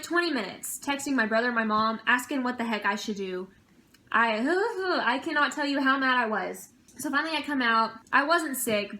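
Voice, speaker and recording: Bright, animated young woman telling a story. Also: a little high. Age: young adult. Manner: animated storytelling with indignant outbursts. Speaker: vlogger. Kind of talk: casual storytime vlog.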